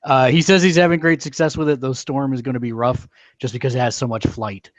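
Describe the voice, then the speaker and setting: A man's voice: medium pitch, steady tone, brisk, no room sound. A man in casual talk over a card game, reading out viewer comments and weighing strategy. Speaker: card game player and co-host. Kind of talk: casual gameplay chat.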